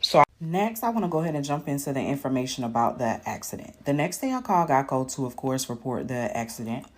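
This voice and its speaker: A woman's voice: rumbling low, lively intonation, fast talker. A young woman telling a personal story in a casual, matter-of-fact way, with frequent ums. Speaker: storyteller in a clip.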